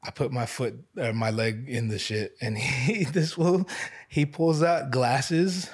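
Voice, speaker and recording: A man's voice: mid-range voice, steady tone, slow, slightly rough. A man in his thirties hosting a casual chat, telling stories in a laid-back, slangy, profane way. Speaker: podcast host.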